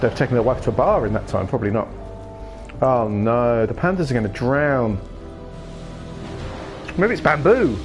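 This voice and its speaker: A man's voice: medium pitch, a little fast, music in the background. A man giving casual, jokey game commentary with rambling, playful asides. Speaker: gaming streamer.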